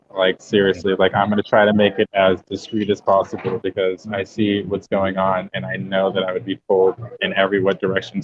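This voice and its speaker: A young man from Massachusetts with a low voice tells stories in a loose, joking way, leaning hard on his words and swearing freely. His tone is animated, but the podcast audio is dull and lo-fi. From New Bedford, Massachusetts. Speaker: actor, podcast guest. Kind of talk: casual storytelling chat.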